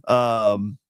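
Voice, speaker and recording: A man's voice: on the low side, clear, resonant tone, no echo. Laid-back man rambling on a dry live stream. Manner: rambling, laid-back, laughs often, many fillers and restarts. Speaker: live-stream host answering chat. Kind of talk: casual live-stream chat.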